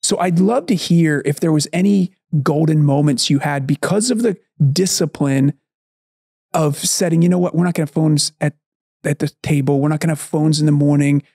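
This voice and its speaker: A man's voice: fairly high pitch, moderate pace, creaky, mellow, dry recording, clean studio sound. Earnest man coaching on a podcast. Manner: earnest, coaching tone, explains then asks questions. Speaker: podcast co-host, parenting coach. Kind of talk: conversational podcast talk.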